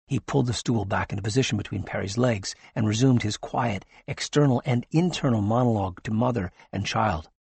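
Husky guy reading an audiobook, steady, dry studio sound. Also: lowish voice, a little fast, hardly any pauses, dry recording. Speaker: audiobook narrator. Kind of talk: scripted narration.

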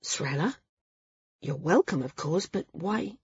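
A woman voicing a seasoned woman flyer who gives measured, frank advice in a storybook reading. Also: fairly low pitch, expressive, a little mellow, husky, dry recording, lo-fi sound, heavily acted. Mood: troubled. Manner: measured, advising.

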